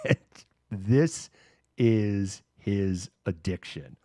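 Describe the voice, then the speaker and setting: Speaking extremely slowly, a man with a fairly low, mellow voice chats casually on his own live show, wandering through a story while laughing often and performing the characters' voices. It's a dry, studio-quality recording.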